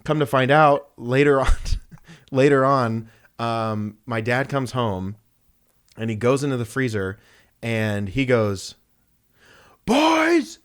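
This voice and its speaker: Young man, casual podcast storytelling, animated, jumps into voices for each person, middle pitch. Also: slow, clean tone. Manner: animated, acts out voices in his anecdotes. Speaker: podcast co-host.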